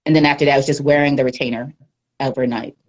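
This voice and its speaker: A woman with a deep, low-set voice gives a candid livestream interview. She talks in an animated, unguarded way and laughs often. She is heard through a phone or webcam mic. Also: quick pace, muffled recording. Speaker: guest media professional.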